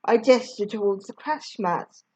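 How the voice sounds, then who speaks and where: Expressive woman reading aloud slowly. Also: medium pitch, husky. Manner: expressive, lively. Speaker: storybook reader. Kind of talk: reading a children's novel aloud.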